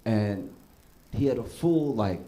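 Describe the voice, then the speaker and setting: A male stand-up comedian telling stories on a comedy club stage, his voice jumping high and loud at the punchlines. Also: takes it slowly. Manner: animated storytelling, voice jumps high for punchlines.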